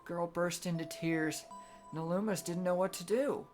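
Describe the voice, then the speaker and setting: A woman streamer reading a storybook aloud in a gentle, measured bedtime manner. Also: fairly low pitch, faint music behind.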